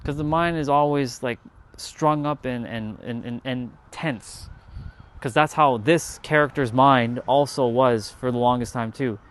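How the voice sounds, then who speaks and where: Male streamer giving earnest, profane pep talk; average pitch, light noise underneath. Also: measured pace. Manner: earnest, blunt, swears freely, repeats for emphasis. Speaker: spiritual live streamer. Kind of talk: casual motivational monologue.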